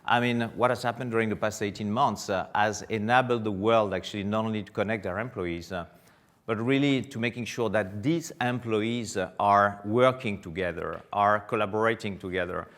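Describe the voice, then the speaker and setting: A middle-aged man with a French accent speaks to a conference audience, often pausing on filler sounds as he goes. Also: fairly low pitch, a bit bright. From France. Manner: hesitant, many filler sounds. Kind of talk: conference keynote.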